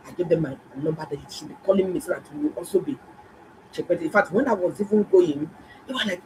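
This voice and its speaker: Animated woman telling a story. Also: deep voice, brisk, background noise. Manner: animated, emphatic, exclaiming. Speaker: doctor and health vlogger. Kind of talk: casual storytelling to viewers.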